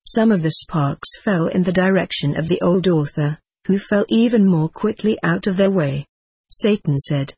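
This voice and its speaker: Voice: medium pitch, moderate pace, darkish tone, slightly rough, no room sound. A narrator reading a humorous story aloud with a wry, dry-humored telling.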